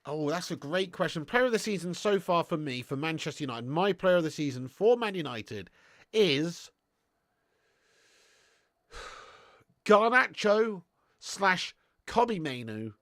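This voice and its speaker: A young man with a gravelly, creaky voice hosts a live football watch-along, chatting casually and answering viewers. He laughs often and swears freely. The sound is dry and close, with no room echo. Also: on the high side, animated, a little slow, pauses often, a bit bright. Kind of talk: live casual chat and match commentary.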